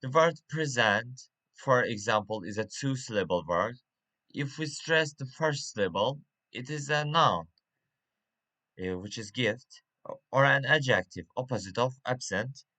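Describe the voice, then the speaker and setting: Man, teacher, slow delivery, bright tone, lots of uhs and restarts. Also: mid-range voice, animated. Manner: halting, with many uhs and restarts. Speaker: English teacher. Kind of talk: reading a pronunciation lesson.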